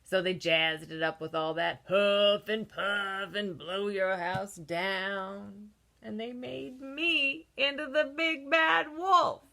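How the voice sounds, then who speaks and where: A woman's voice: medium pitch, fairly even intonation, slow, creaky, bright, forceful tone, full character voice. A woman voicing a male wolf who tells his own side of a children's story, conspiratorial and cheeky. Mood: sly. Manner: conspiratorial storytelling, with gasps and sneezes.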